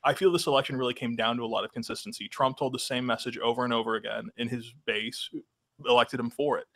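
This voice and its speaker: A man co-hosting a talk show, asking long questions with fillers and pauses. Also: mid-range voice, fairly even intonation, creaky, fairly bright tone, no echo. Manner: halting, with fillers. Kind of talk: interview questions.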